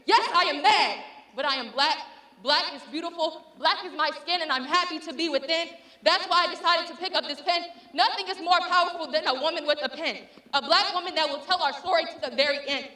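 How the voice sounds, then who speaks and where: A woman's voice: extremely high pitch, brisk, sharp tone, echoey room. A woman performing a spoken word poem with a rhythmic, impassioned and defiant delivery. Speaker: student poet.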